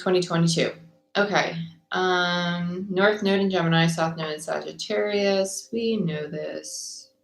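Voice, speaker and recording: A woman's voice: on the low side, steady tone, a little slow, creaky, roomy sound, faint music behind, poor audio. A young woman chatting casually with viewers during a tarot livestream, bubbly and rambling, her voice a little worn as if she is losing it.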